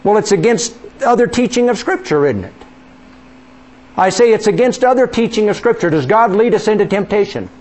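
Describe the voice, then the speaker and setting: A man's voice: sits high, lively intonation, a little fast, a little mellow. A man preaching a sermon as pastor, asking the congregation questions and leading them in reciting lines.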